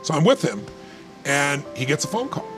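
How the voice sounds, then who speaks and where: A man's voice: fairly high pitch, big pitch swings, moderate pace, music in the background. A man giving motivational talk in conversation, emphatic and repetitive, telling stories to make his point. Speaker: motivational speaker.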